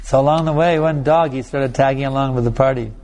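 A man's voice: medium pitch, fast, darkish tone, slight background noise. A man as a spiritual teacher telling stories and answering audience questions, with many restarts and laughs. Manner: storytelling with frequent restarts and laughs.

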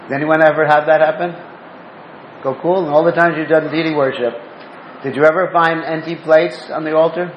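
A spiritual teacher gives a devotional talk, telling stories and putting questions to his listeners. His voice is fairly high and steady, and he speaks fairly quickly. The lo-fi recording is roomy and dull, with faint ambience and slight background noise.

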